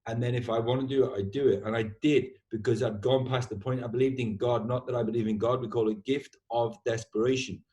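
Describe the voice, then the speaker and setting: A man hosting a podcast in easygoing, heartfelt conversation. He talks with animated energy and swears freely, often tagging his sentences with "man". His pitch sits in the middle for a man. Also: a little fast, few pauses. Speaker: podcast host. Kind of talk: casual heartfelt chat.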